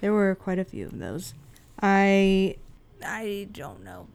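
A woman's voice: medium pitch, very animated, takes it slowly, creaky, darkish tone, clear, resonant tone. A woman co-hosting a casual chat, opinionated and explaining singing technique in detail.

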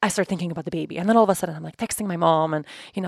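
A woman hosting her own podcast, telling a personal story at a quick clip. Her voice carries a steady vocal fry and sits in a dry, close space. She leans on "like" and "you know" and acts out her own thoughts as she goes. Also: on the low side, no echo. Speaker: podcast host.

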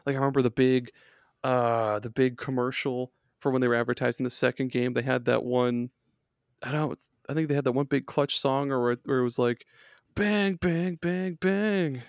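A man in a casual podcast chat about games, talking loosely and excitably with plenty of swearing. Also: mid-range voice, fairly quick, smooth, no echo, clean studio sound. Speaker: podcast co-host or guest.

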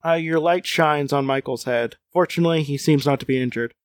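A man's voice: fairly high pitch, fairly quick, no room sound, studio quality. A man reading a gamebook aloud as a podcast co-host, with wry asides and chuckles. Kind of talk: casual chat and read-aloud narration.

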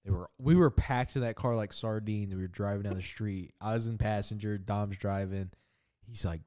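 Young man, podcast co-host, low voice, casual rambling storyteller, profane jokes. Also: moderate pace, a little mellow. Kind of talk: casual chat.

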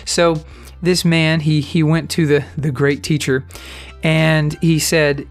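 A man's voice: a little high, level tone, slow pace, soft background music. A man hosting a motivational podcast, telling a story in an earnest, conversational, encouraging way. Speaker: podcast host.

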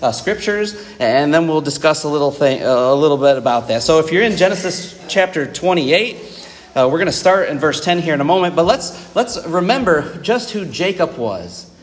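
Chatty preacher, higher voice, echoing church. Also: male voice. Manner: conversational, many fillers and asides to the congregation. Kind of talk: sermon. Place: church auditorium.

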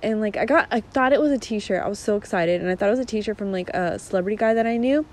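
Young woman, mid-pitch, casual and profane, rambles through stories in a chat. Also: fast talker, low-quality recording. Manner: chatty, swears freely, rambling story with many fillers.

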